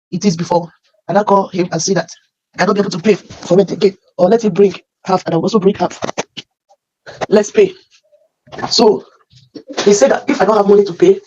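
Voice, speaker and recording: A woman with a Nigerian accent telling her life story as emotional personal testimony, halting and often repeating her phrases. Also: medium pitch, darkish tone, slightly rough, highs cut off.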